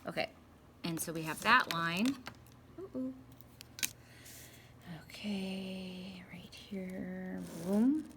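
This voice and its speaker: A woman's voice: mid-range voice, very slow, long pauses, background noise. A young woman giving a casual, chatty math lesson, talking to herself playfully as she works through graphing problems. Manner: chatty, playful, talks to herself while working. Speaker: math teacher.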